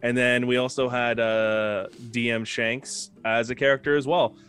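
A man's voice: mid-range voice, little pitch movement, moderate pace, a bit bright. Game master, man, mid voice, rambling casual delivery, faint music bed. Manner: rambling, laughing, filler-heavy. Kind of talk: casual stream announcements.

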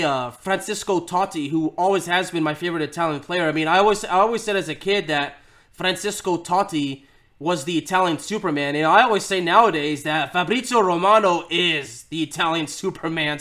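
A man's voice: high-pitched, a bit bright. A man of thirty hosting his own podcast, talking in a rambling, emotional way and often repeating words. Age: 30s. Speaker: podcast host. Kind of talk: heartfelt casual monologue.

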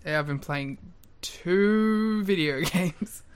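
A man's voice: high-pitched, slow pace, clean tone. A man, co-hosting a podcast in laid-back, laughing chat. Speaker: podcast co-host. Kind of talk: casual chat.

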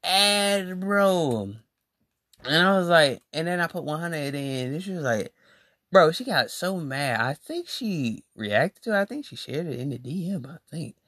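Give me a casual, slangy podcast storyteller with a lively, swinging voice in a dry room. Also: unhurried, no room sound. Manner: slangy, animated, acts out quoted lines with big pitch jumps. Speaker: podcast host.

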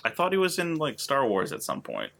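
A man's voice: mid-range voice, huge pitch swings, a little fast, gravelly, fairly bright tone. A man co-hosting a podcast, chatting casually and riffing with jokes. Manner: jokey, riffing. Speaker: podcast co-host. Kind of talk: casual chat.

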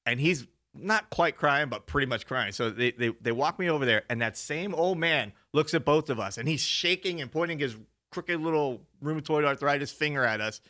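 A young adult man on a podcast, telling a story in casual chat, animated, laughing often and swearing freely. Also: fairly high pitch, moderate pace, few pauses. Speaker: podcast co-host.

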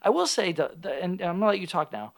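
A man co-hosts a sports podcast, talking loosely about football and bets. He is easygoing and quick to own his mistakes. His voice sits a bit high for a man. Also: sing-song, gravelly. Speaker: podcast co-host. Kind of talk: casual sports betting chat.

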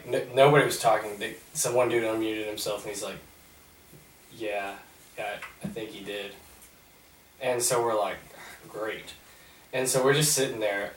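A young man on a podcast, retelling a story in a rambling, animated way. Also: mid-range voice. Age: young adult. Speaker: podcast host. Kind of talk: casual storytelling. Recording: roomy, mic at a distance.

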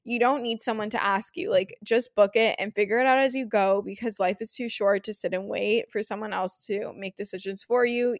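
A woman's voice: medium pitch, dry recording, studio quality. A young woman in her twenties from Canada hosting a casual solo podcast, chatty and gushing, full of fillers and emotion. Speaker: podcast host.

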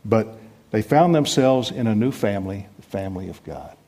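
A middle-aged man from the United States preaching a sermon in a conversational, self-deprecating way with lively emphasis. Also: on the low side, normal speed. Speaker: pastor.

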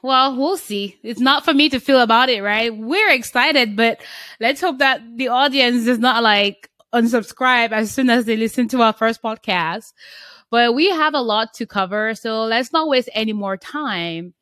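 A woman hosting a casual podcast, talking in an animated, teasing way and laughing easily. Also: a little high, unhurried, clear, resonant tone, no room sound, clean studio sound. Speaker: podcast host.

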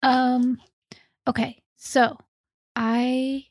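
A woman's voice: high voice, little pitch movement, drawn-out words, a little mellow, dry recording, studio quality. A woman playing a tabletop game, speaking hesitantly and asking questions. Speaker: player. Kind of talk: casual tabletop play.

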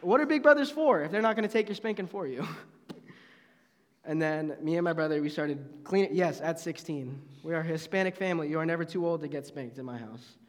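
A young man, an intern, preaching a youth sermon with an animated, laughing personal story. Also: on the high side, a little fast. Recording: long hall reverb.

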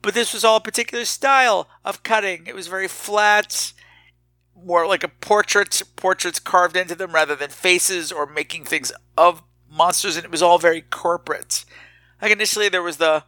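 A man hosting a podcast, telling a rambling, self-mocking story in a casual, animated way. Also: sits high, normal speed, no room sound. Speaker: podcast host.

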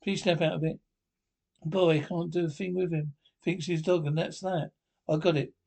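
A man's voice: a little high, steady tone, normal speed, creaky, darkish tone. An actor playing a blustery, boastful caveman husband in a 1960s cartoon. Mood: frustrated.

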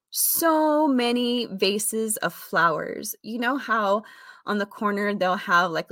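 A woman candidly telling a personal story in a rambling way, often correcting herself, with fillers and soft laughs. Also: medium pitch, no room sound, studio quality.

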